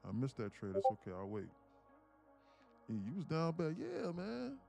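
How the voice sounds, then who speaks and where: Man, live trading stream, gravelly voice, lively pitch, slangy cursing banter. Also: moderate pace, faint music behind. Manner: loose, joking, slangy banter with chat, cursing. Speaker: day trader streaming live.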